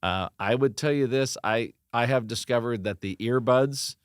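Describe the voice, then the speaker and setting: A middle-aged man, a pastor, giving earnest, animated encouragement in a podcast interview, often restarting his sentences. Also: medium pitch, moderate pace, smooth, no echo, studio quality. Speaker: pastor and church leadership consultant.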